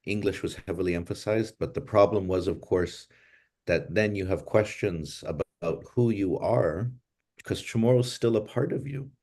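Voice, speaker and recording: A man's voice: sits low, normal speed, warm tone. A man hosting a language class over a video call, speaking in a thoughtful, reflective way and moving between Chamoru and English.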